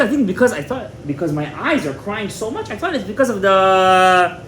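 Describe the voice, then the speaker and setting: A man's voice: sits high, very animated, fairly quick, fairly bright tone. A man teaching a Torah class as a rabbi, retelling a story dramatically, repeating words and mixing in Hebrew terms. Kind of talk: animated storytelling lecture.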